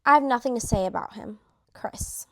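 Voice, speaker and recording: A woman's voice: a little high, moderate pace. A young woman chatting casually to camera while ranking reality show contestants, full of fillers and slang.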